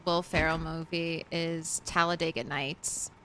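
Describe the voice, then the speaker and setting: Bright-voiced woman streamer. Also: low-pitched, little pitch movement, measured pace, clear, resonant tone. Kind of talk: casual chat.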